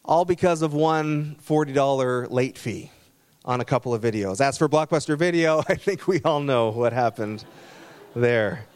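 A man's voice: mid-range voice, normal speed, smooth. A man pastor preaching a sermon, telling stories in an earnest, conversational way. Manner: storytelling, earnest.

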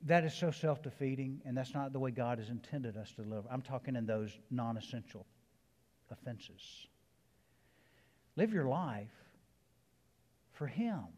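A man's voice: mid-range voice, lively intonation, a little slow, long pauses, a little mellow, in a large hall. A man with a Southern accent, a pastor preaching a sermon with emphatic builds and casual conversational asides. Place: church sanctuary.

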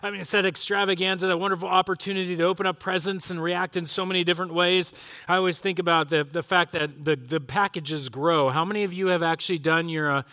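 Bright-voiced joking male pastor. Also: sits high, fairly even intonation, quick pace. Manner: chatty, joking, acts out reactions. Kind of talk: casual sermon.

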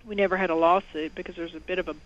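Speaking very fast in a steady, lowish voice, this middle-aged woman appears as an interview-show guest who used to own a clinic. Her account is earnest and personal, and she quotes others in a raised voice. The recording sounds dull and lo-fi with slight background noise.

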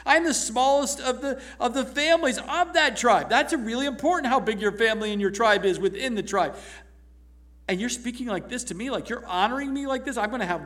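A man preaching a sermon, reading scripture and retelling it in an animated, laughing way. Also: very high-pitched, brisk. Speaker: pastor.

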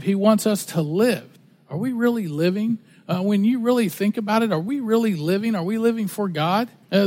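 High-voiced casual preacher in a reverberant hall. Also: male voice, darkish tone. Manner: casual, conversational preaching with repeated words and slang. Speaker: pastor. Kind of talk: sermon.

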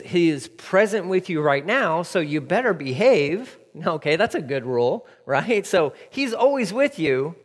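A man's voice: high-pitched, in a large hall. A man, preaching a sermon in a candid, conversational way full of stories and asides. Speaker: pastor.

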